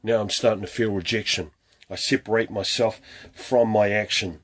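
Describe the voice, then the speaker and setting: A man's voice: lowish voice, fairly even intonation, normal speed, fairly bright tone, breathy edge. A man talking to camera as a fitness coach, urging viewers with a string of earnest rhetorical questions. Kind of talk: motivational talk to camera.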